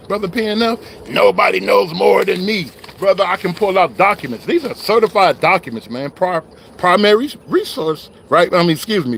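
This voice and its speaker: A man's voice: high voice, creaky, slight background noise. A man giving a heated, preachy online call-out, riled up and confrontational, wired on coffee. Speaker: online religious commentator.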